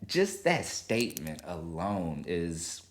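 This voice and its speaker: A man hosting a solo podcast, talking in casual, animated commentary, swearing freely and acting out quotes. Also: deep voice, slow pace. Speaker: podcast host.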